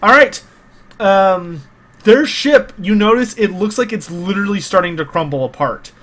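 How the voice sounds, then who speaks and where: A man's voice: sits high, expressive, normal speed, fairly bright tone. A man narrating as game master of a tabletop game, loose and casual with lots of fillers and restarts.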